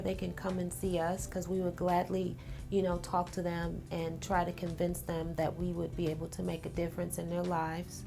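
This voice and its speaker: A woman's voice: on the low side, vocal fry, darkish tone. A woman who runs a natural hair care business, speaking hesitantly with many fillers on a casual panel.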